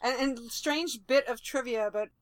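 A woman's voice: high-pitched, unhurried, no room sound. A woman chatting casually on a podcast, wry and talkative. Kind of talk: casual chat.

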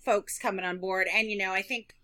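A woman co-hosting a podcast gushes with enthusiasm in casual chat. Her voice is medium-pitched, steady, bright, and forceful, a little fast.

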